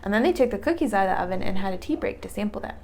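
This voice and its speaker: A woman teacher doing a read-aloud storytime, animated and chatting with a child. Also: mid-range voice, rapid-fire, creaky. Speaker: English teacher.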